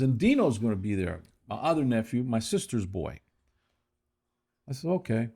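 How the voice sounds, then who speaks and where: A man's voice: lowish voice, vocal fry, dark tone, husky. A middle-aged man co-hosting a podcast, telling stories in casual chat and acting out quoted dialogue. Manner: storytelling, acts out quoted dialogue. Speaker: podcast co-host.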